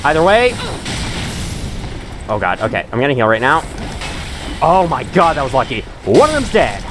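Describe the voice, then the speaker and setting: A man's voice: a little high, background noise. Rambling man narrating his gameplay. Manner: rambling, self-mocking, chuckles to himself. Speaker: gaming channel host. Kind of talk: let's play commentary.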